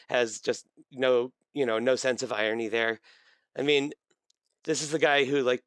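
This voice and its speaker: Guy ranting sarcastically over a clip, smooth voice, totally dry sound. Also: mid-range voice, fairly bright tone, dry recording. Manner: dry, mocking, rambling. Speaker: commentator. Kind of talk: sarcastic video commentary.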